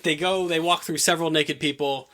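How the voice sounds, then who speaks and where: A man co-hosting a podcast, casually recapping a TV show, laughing often and acting out characters' lines in quick offhand voices. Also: on the high side, fairly even intonation, bright, forceful tone. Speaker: podcast co-host.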